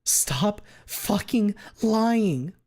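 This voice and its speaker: A man voicing a volatile young woman, high and screaming. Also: steady tone, normal speed, dark tone, natural voice. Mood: furious. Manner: screaming and swearing. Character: volatile young woman, raging then sobbing. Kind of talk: dramatic reading of a story.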